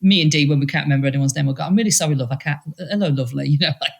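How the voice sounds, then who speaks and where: A woman, a podcast guest telling stories in an animated, casual way and acting out quotes. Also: very fast, gravelly. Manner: animated, acts out quotes in high voices. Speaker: podcast guest, speaker and mentor. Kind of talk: casual storytelling chat.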